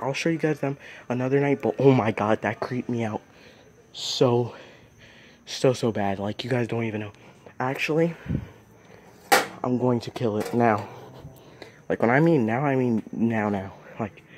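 A man's voice: medium pitch, a little mellow. A young man talks casually into his phone outdoors at night, his voice sitting in an ordinary middle range. He keeps breaking into squeamish, jumpy exclamations as he narrates. A faint outdoor hiss sits under the recording. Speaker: nature vlogger.

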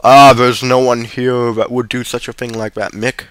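A man's voice: mid-range voice, flat delivery, moderate pace, a bit bright, smooth, no room sound, lightly acted. A man voicing a fussy male publican, in an anxious, scolding manner.

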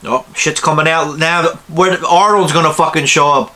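A man's voice: a little high, steady tone, moderate pace. A man giving a profane, sarcastic ranting commentary while reviewing a movie. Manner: profane, sarcastic, swings from loud to muttering.

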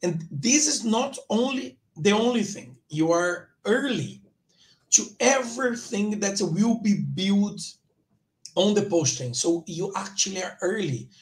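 Live on his own crypto channel, a man rambles through loose commentary, often restarting his sentences. His voice sits high and sounds animated, though his pace stays measured.

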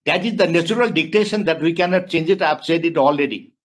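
Man, rather high voice, halting delivery, rhetorical questions, video call panel. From Nepal. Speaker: webinar panelist. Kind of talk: panel discussion remarks.

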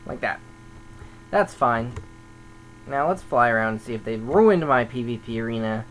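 A man's voice: medium pitch, animated, normal speed, fairly bright tone, slight background noise, rough recording. A man talking casually over gameplay as a server admin, grumbling and thinking aloud as he goes.

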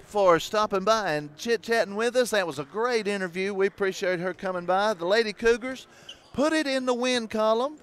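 A man's voice: high voice, normal speed, a bit bright, clear, resonant tone. An older man, a sports broadcaster, interviewing a coach after a game in a folksy, encouraging way. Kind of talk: postgame interview.

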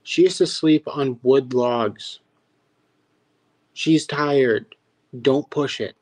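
Podcast guy, blunt and fed up, swears, mid pitch voice. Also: extremely slow, darkish tone. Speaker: podcast co-host. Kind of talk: casual recap chat.

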